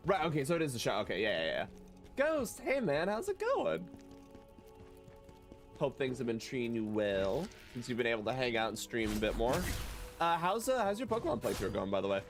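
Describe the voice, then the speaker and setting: A man's voice: mid-range voice, fast, faint music behind. A man streaming a video game, chatting casually and joking with his viewers as he plays. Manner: animated, joking, chatting with viewers while playing. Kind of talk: casual gaming livestream chat.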